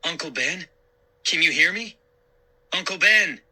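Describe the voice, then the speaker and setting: A man's voice: high-pitched, wildly swooping pitch, a little slow, voice pushed up, heavily acted. A man voicing an anxious boy in a scary story, calling out urgently in a raised voice. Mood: alarmed. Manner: urgent, shouting. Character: anxious boy exploring a tomb.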